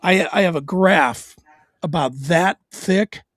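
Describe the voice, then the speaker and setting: A man's voice: high voice, slow pace, a bit bright, no room sound, studio quality. Profane, stammering storytelling man. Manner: blunt, profane, with stammered restarts. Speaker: show host sharing his story. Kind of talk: candid personal storytelling.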